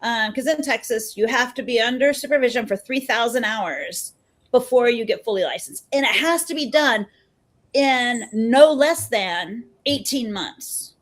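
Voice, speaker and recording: A woman in her fifties, a therapist, chatting as a podcast guest and telling stories in an animated way, acting out what people said. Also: on the high side, unhurried. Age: 50s. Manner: chatty and animated, acts out quoted dialogue. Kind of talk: casual storytelling in a podcast interview.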